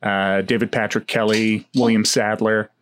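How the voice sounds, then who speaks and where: Rambling low-voiced man, casual chat. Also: moderate pace, slight background noise. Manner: relaxed, rambling with many fillers. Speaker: podcast host. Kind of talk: casual chat about movies.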